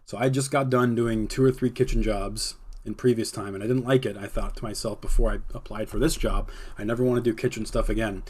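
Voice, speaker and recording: A man's voice: fairly low pitch, fairly even intonation, brisk, hardly any pauses, a little mellow, husky. A young man hosting a podcast, telling a long personal story in a casual, chatty way, full of "like" and little laughs. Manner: chatty, heavy use of "like", laughs between lines. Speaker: podcast host.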